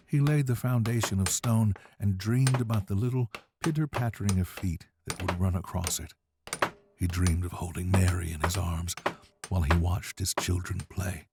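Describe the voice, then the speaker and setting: Very deep-voiced male storyteller. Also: very noisy. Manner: measured, dramatic. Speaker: narrator. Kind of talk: scripted storybook narration.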